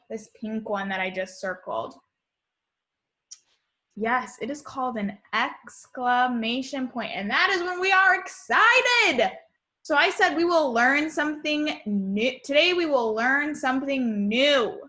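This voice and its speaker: A young woman teaching young children in a remote lesson, speaking in a slow, sing-song teacher voice. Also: fairly high pitch, sharp tone. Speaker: kindergarten teacher.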